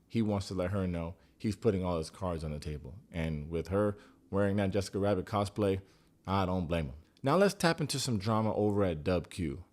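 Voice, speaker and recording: A man with an American accent talks through reality TV episodes in a loose, casual way. His voice sits on the low side. He is quick with sarcastic jokes and swears without holding back. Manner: joking, sarcastic, blunt, swears freely. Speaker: TV recap reviewer. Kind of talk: casual recap commentary.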